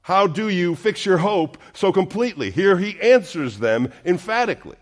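A man's voice: high-pitched, animated, normal speed. A male pastor preaching a sermon, earnest and emphatic, full of rhetorical questions.

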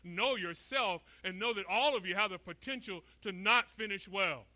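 A man's voice: sits high, moderate pace, bright, forceful tone, no echo. Middle-aged male preacher from Florida, emphatic and questioning, dry close sound. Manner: emphatic, asks rhetorical questions, voices imagined speakers. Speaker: pastor. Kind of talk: expository sermon.

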